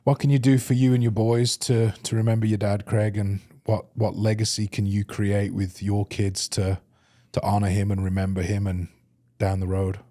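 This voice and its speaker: A man hosting a podcast interview, asking gentle questions and affirming his guest often. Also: fairly low pitch, flat delivery, moderate pace. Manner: supportive, frequent brief affirmations. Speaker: podcast host.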